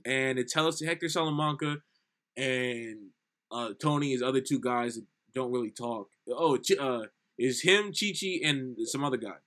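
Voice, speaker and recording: A man's voice: mid-range voice, normal speed, fairly bright tone. A young man co-hosting a casual film review podcast, animatedly retelling scenes and acting out lines. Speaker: podcast co-host.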